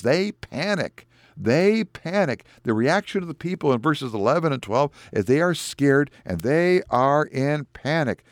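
A middle-aged male pastor preaching a sermon, animated and climbing high in pitch whenever he quotes scripture. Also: measured pace, no room sound.

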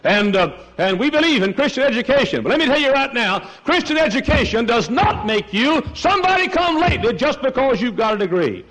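An older man preaching a sermon, telling folksy stories and swinging between quiet asides and loud, high exclamations. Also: big pitch swings, brisk, few pauses. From East Texas. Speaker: pastor.

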